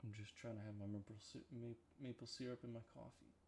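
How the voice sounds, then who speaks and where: A man's voice: medium pitch, little pitch movement, fast, gravelly, darkish tone, a little hiss or hum. A young man, sleepy, rambling and joking with his chat during a casual late-night stream. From Canada.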